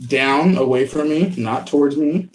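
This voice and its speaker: A man's voice: on the high side, unhurried, slight background noise. A man hosting a podcast and unboxing a package live, talking casually and laughing often at himself. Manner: laughs often, self-deprecating. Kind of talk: casual chat.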